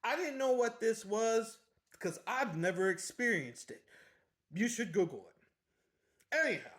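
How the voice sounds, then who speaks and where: Chatty man with a high voice. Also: animated, measured pace, a bit bright. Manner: joking, chatty, with asides. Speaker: book summary host. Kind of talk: casual book recap.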